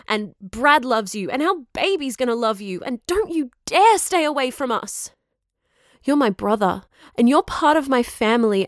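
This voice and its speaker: A woman's voice: high voice, no echo, clean studio sound. A woman acting a loyal sister who is expecting a baby. She talks fiercely and earnestly, and she pleads. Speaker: protective older sister. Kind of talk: audio drama acting.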